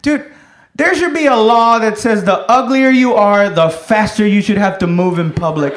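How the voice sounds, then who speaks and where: A man doing a stand-up comedy set, telling loud, profane stories and shouting some bits. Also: sits high, moderate pace. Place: comedy club stage with a laughing audience. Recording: echoey room, noisy live audience.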